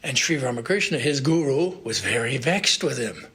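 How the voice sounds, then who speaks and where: A monk giving a Sunday spiritual lecture at a monastery, recounting a story in an unhurried way and pausing to search for words. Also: male voice, mid-range voice, expressive, fairly bright tone.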